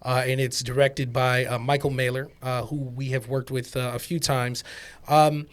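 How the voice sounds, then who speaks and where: A man's voice: mid-range voice, little pitch movement, clean tone. A man hosting a casual podcast chat, often repeating words and using fillers as he gets his point across. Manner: halting, repeats words and uses many fillers. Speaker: podcast host.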